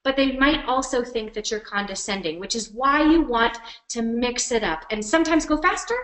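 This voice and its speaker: A woman coaching presenters in a webinar from her computer, speaking energetically and with emphasis, shifting her speed and loudness to show each point. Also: on the high side, moderate pace, echoey room, poor audio. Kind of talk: instructional webinar workshop. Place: at her computer on a web call.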